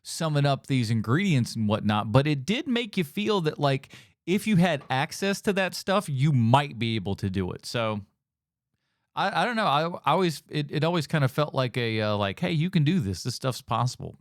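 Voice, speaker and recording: A man's voice: on the high side, very animated, moderate pace, no echo. Joking man host, dry close sound. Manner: joking, rambling with restarts. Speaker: podcast host reacting to a show. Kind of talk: casual chat.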